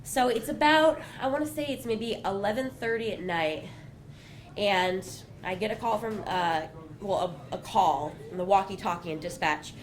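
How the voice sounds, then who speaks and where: A woman's voice: mid-range voice, normal speed. A young woman telling a personal story on stage at a small bar, chatty and self-mocking, full of asides. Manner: conversational, self-mocking, full of "you know" and "like". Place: small bar venue with live audience.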